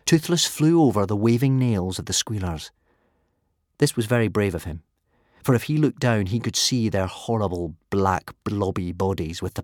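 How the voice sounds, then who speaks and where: A man narrating an audiobook with expressive, lively storytelling and many character voices. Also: on the low side, no echo, clean studio sound.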